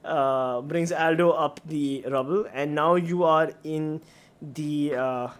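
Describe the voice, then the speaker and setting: A man's voice: on the high side, steady tone, takes it slowly, clean tone. A man with an Indian English accent, narrating a tabletop game as game master and restating scenes casually. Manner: reads room descriptions, then restates them casually.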